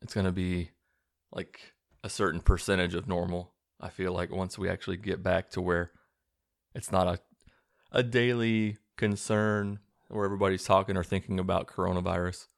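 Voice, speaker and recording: A man's voice: low voice, level tone, normal speed, creaky. A young man hosting a casual podcast, recapping a film in a loose, sardonic way with plenty of swearing and silly quoted voices. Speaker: podcast host.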